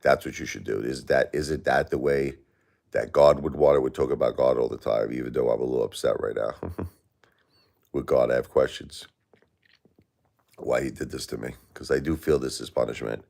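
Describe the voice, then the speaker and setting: A man's voice: very deep voice, fairly even intonation, normal speed, gravelly, a little mellow. A grieving man hosting a live stream, talking in an aggrieved, plaintive, repetitive way and answering chat. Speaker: livestream host.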